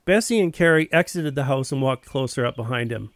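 A man's voice: mid-range voice, lively intonation, brisk, dry recording. A man telling a first-person story in a plain, wry narrating voice.

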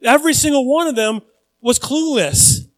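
A man preaching a sermon in a lively, conversational way, acting out quotes as he goes. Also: extremely high pitch, moderate pace, no room sound, rough recording. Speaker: pastor.

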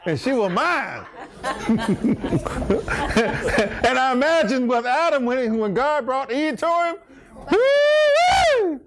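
A man's voice: extremely high pitch, expressive, takes it slowly, over a noisy crowd. A middle-aged man leading a Bible study in church, joking and teasing his listeners and laughing often. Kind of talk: playful Bible study teaching.

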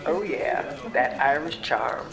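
A woman voicing a laid-back female call center coworker with a low, drawling voice. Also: animated, slow, creaky, exaggerated voice, low-quality recording. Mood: teasing.

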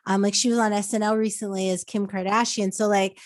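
A woman hosting a pop culture podcast in a loose, conversational way. Her voice sits at a middle pitch, and she fills her sentences with "um" and "like" as she riffs on celebrity news. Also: level tone, brisk, dry recording. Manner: chatty, lots of fillers like "um" and "like". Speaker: podcast host. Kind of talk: casual chat.

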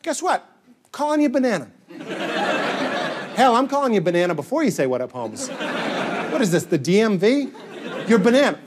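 A man performing stand-up comedy on stage, animated and goofy, breaking into shouted bits. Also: very high-pitched, brisk, pauses often, a crowd in the background, background noise. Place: comedy stage before a live audience. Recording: live audience laughter.

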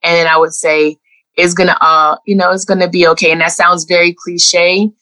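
A woman's voice: fairly low pitch, level tone, moderate pace, sharp tone, poor audio. A woman guest on an interview, speaking in an earnest, heartfelt way and close to tears, often repeating her phrases. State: emotional, near tears. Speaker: guest therapist. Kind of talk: reflective interview talk.

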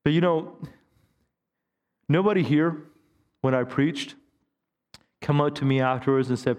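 Fifty-something pastor preaching in a hall. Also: male voice, fairly high pitch, measured pace, pauses often, a little mellow. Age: 50s. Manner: conversational preaching with stammered restarts. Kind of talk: sermon. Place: church sanctuary.

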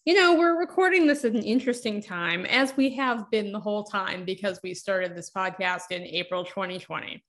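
A woman's voice: mid-range voice, normal speed, hardly any pauses. Wry, opinionated woman podcaster. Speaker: podcast co-host. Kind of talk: casual podcast discussion.

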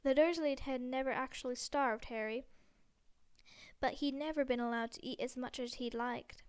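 A woman reading a storybook aloud in a steady, gentle way, with small slips. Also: sits high, normal speed, clean tone. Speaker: audiobook reader. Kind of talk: storybook narration.

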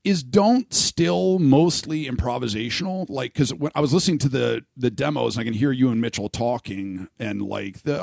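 This middle-aged man from Saskatchewan hosts a podcast in a casual, candid, profane way, rambling and frequently restarting his sentences. His mid-range voice is darkish with vocal fry, moving at normal speed with few pauses, captured in studio quality without echo.

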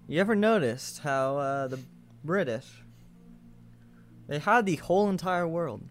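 A man in a casual podcast chat, delivering dry, deadpan jokes. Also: on the high side, a little slow, a little hiss or hum.

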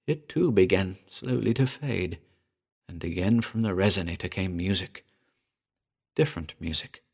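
Low-voiced man narrating a weird tale. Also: moderate pace, creaky, breathy edge. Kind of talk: first-person story narration.

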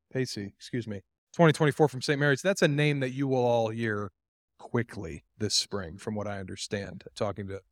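A man co-hosting a player draft show, calling out picks in a brisk, announcer-like way. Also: mid-range voice, no echo, clean studio sound. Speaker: co-host running a player draft. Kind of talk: live show commentary.

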